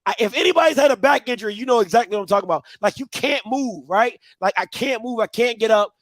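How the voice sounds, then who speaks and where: High-voiced man telling funny stories. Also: fast, dry recording. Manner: animated, rambling storyteller. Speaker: podcast co-host. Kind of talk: comedic storytelling.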